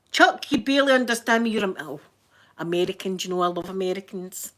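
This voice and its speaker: A woman with a broad, thick Scottish accent rambles cheerfully to her livestream viewers. She talks in a mid-pitched voice, greets people by name and laughs often. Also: expressive, fast talker, a bit bright. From Scotland. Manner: chatty, laughs often, reads out viewer names. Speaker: livestreaming YouTuber. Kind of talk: casual live chat.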